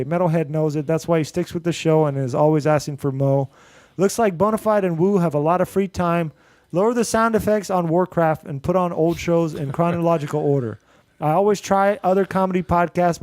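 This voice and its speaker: A man's voice: a little high, darkish tone, no room sound. A man hosting a podcast, chatting casually and reading listener reviews aloud, rambling with fillers and frequent laughs, with a mixed Indian-American accent. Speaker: podcast host.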